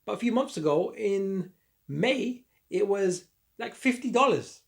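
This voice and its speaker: A man with a croaky throat teaches a trading lesson on screen, his voice gravelly with fry. He sits a touch higher than most men and keeps an upbeat, repetitive patter as he draws on the chart. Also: lively intonation, a little slow. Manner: upbeat, repetitive, talks through drawing on charts. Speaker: trading educator.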